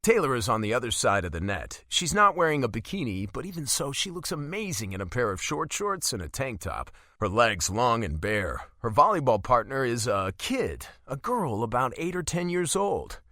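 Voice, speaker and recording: Guy reading a romance audiobook, lively bright voice, super dry booth sound. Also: medium pitch, normal speed, few pauses, dry recording. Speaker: audiobook narrator. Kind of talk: scripted first-person narration.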